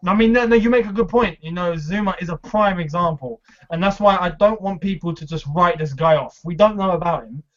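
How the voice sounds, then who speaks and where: A man hosting a casual football fan chat, chatty and quick to laugh, with many fillers. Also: high-pitched. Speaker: fan channel host. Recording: dull lo-fi sound.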